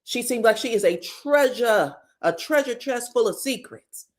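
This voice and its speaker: A woman's voice: fairly high pitch, unhurried. Sassy woman dishing reality gossip. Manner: frank and profane, calls listeners baby and girl; animated, breaks into stutters and outbursts. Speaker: reality TV recap host. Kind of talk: casual gossip commentary.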